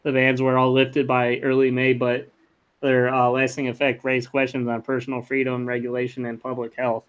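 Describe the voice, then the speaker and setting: A man's voice: medium pitch, monotone, moderate pace, clean tone. A man co-hosting a casual tech podcast, reading news items aloud in a profane, offhand way.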